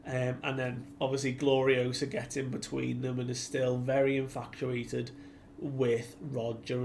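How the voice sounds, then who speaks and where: A man's voice: mid-range voice, vocal fry, darkish tone, slight background noise. A man giving a casual, chatty recap of a comic chapter as a reviewer, slipping into the characters' lines as he retells them. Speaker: anime and manga reviewer.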